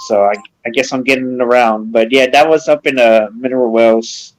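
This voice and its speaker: A friendly man rambles through stories on a casual podcast. His voice sits at an ordinary pitch. Faint music plays under him. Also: steady tone, normal speed, poor audio. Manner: rambling, friendly, chatty storyteller. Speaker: podcast co-host.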